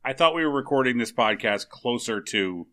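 A man's voice: mid-range voice, expressive, moderate pace, pushed and bright. A man co-hosting a podcast in casual chat, joking and poking fun at himself. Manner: joking, self-mocking. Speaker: podcast co-host.

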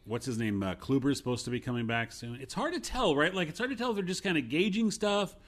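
Brief: New York guy, co-host, lively sarcastic banter, voice jumps all over. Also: a little high, fast talker. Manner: sarcastic, jokey, animated. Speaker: podcast co-host. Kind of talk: casual sports chat.

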